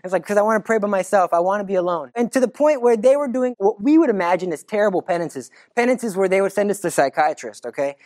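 A teacher retelling a religious story to listeners in a lively, dramatic way. The voice swings from loud, emphatic bursts to hushed asides. The pitch sits at a middle level. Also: fast talker, hardly any pauses, no echo.

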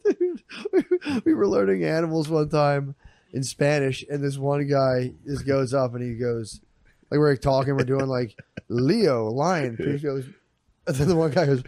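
A man's voice: medium pitch, animated, a little slow, darkish tone, dry recording. A man in casual comedy chat, crude and laughing as he acts out quotes.

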